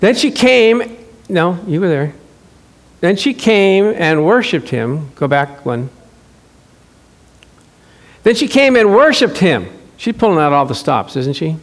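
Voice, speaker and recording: Pitched high and measured in pace, this pastor pauses often as he delivers a church sermon. His storytelling is lively, with acted-out quotes and frequent laughter.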